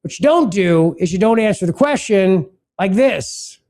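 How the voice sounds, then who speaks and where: A man's voice: high-pitched, animated, normal speed, a little mellow. Sarcastic man hosting a political talk show. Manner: sarcastic, reads texts aloud with mocking asides. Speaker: podcast host.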